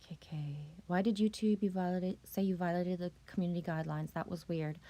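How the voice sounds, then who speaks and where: A woman's voice: fairly low pitch, fairly even intonation, a little fast, mellow. A middle-aged woman chatting casually on a live stream, loose, profane and rambling as she greets viewers.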